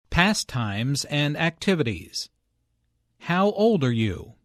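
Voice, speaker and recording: Man with slow, lively teaching delivery. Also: medium pitch, a little hiss or hum. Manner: slow, clear, careful enunciation. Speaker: language lesson narrator. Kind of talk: scripted lesson narration and dialogue reading.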